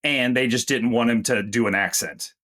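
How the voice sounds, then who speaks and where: A man's voice: medium pitch, normal speed, a bit bright. A man co-hosting a movie review chat, joking around and slipping into mock quotes. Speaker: movie review podcast co-host. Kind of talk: casual chat.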